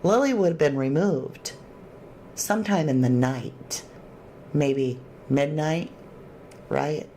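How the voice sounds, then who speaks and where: A woman's voice: sits low, takes it slowly, pauses often, dark tone, a little hiss or hum. A woman hosting a true crime livestream, reading viewer comments aloud and chatting casually, thanking viewers with endearments.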